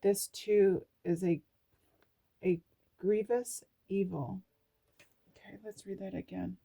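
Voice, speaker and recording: A woman's voice: mid-range voice, fairly even intonation, slow, vocal fry, long pauses, warm tone. A woman vlogger reading scripture aloud and reacting with emotional spiritual exclamations.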